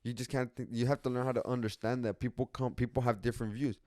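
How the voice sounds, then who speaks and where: Young man, casual rambling podcast talk, heavy slang and swearing, smooth voice, dry close mic. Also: mid-range voice, steady tone, fast, warm tone, no echo. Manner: rambling, profane slang, frequent restarts. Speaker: podcast host.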